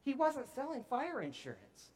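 Emphatic male preacher, soft to booming. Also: huge pitch swings, normal speed, breathy edge. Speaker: pastor. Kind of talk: sermon.

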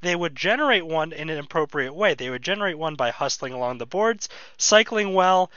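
A man's voice: a little high, lively intonation, fairly quick, sharp tone, clean tone, dry recording, highs cut off. A man co-hosting a hockey podcast, giving critical, argumentative analysis in casual talk.

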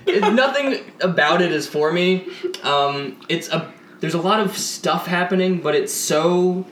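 A man's voice: high voice, unhurried, fairly bright tone. A man co-hosting a podcast in casual chat, making wry, dismissive comments about the film. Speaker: podcast co-host. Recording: roomy with background noise.

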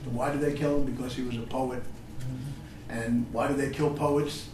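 An older man giving a poetry reading, chatting haltingly between poems and reciting them with feeling. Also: mid-range voice, noisy background. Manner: halting, filler-laden talk between expressive recitations. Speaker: poet. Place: reading venue with an audience. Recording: roomy echo, distant mic.

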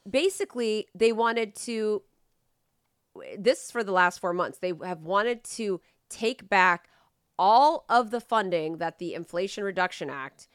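A woman's voice: medium pitch, a little slow, clear, resonant tone, no room sound, studio quality. A woman co-hosting a podcast, ranting casually with lots of swearing and rambling. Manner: profane, rambling, animated rants. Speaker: podcast co-host. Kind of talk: casual chat.

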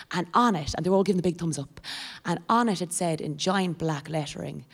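A woman with an Irish accent performing a stand-up comedy set on stage before a live audience, talking quickly and breaking into loud squeals. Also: fairly low pitch. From Ireland.

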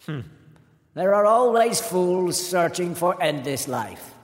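A man doing a stern ancient sage, high and echoing. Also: sing-song, slow, exaggerated voice. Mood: scornful. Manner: solemn, lecturing. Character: ancient stern male sage, impatient with fools. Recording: echoey hall reverb.

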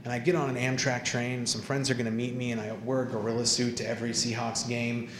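A man's voice: medium pitch, little pitch movement, fast, noisy background. A man telling a personal story in a rambling way, stringing events together one after another. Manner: rambling, piling up clauses with "and". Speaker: interviewee. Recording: roomy with background ambience.

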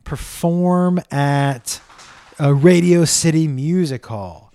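A middle-aged man hosting a casual comedy podcast, telling stories in an animated way, acting out the people he quotes, swearing often. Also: a little high, slow pace. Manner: animated storytelling, acts out quotes, swears, talks to his dog.

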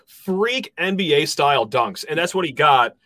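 A man hosting a casual sports podcast, joking and laughing as he talks through the year's highlights. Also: no echo. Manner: joking, quick laughs, animated. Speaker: podcast host.

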